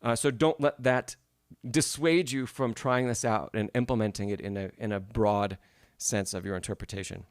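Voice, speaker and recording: A man with a fairly low, clear, resonant voice speaks at normal speed with fairly even intonation and few pauses, recorded in studio quality without echo. Giving feedback in a live-streamed piano masterclass, he patiently explains phrasing and keeps checking in with the student with "right?" and "yes?".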